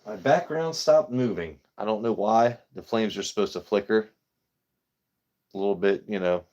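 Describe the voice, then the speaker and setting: A man's voice: fairly low pitch, moderate pace, darkish tone, muffled recording. A man hosting a livestream in casual, rambling chat, swearing freely as he talks. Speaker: livestream host.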